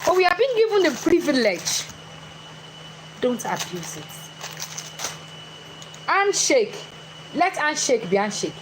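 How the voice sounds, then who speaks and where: Woman speaker, animated, high voice, noisy room recording, engages the crowd. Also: slow, long pauses. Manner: animated, chatty, questions the audience directly. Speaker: motivational speaker. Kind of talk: motivational talk to a live audience.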